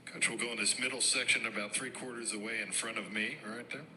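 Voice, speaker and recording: A man moderating a press conference, briskly calling on reporters in the room. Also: fairly low pitch, steady tone, bright, forceful tone, slight background noise. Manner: brisk, directing.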